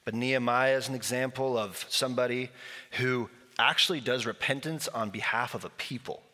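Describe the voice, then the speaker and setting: Bright-voiced male pastor in a reverberant hall. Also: medium pitch, normal speed. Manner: conversational, storytelling with acted quotes. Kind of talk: sermon.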